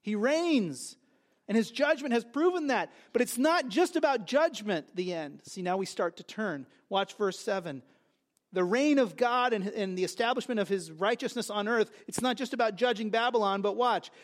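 A man with a notably high voice preaching a sermon from the pulpit. He talks in an emphatic way, climbing louder and higher when he quotes scripture, and restarts his phrases often. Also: expressive, normal speed. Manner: emphatic preaching with rising, loud quoted lines and frequent restarts. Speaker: pastor.

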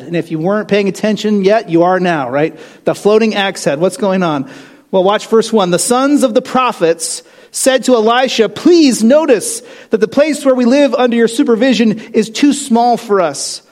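A man preaching a sermon in a conversational, animated way, full of rhetorical questions and asides. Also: high-pitched. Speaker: pastor.

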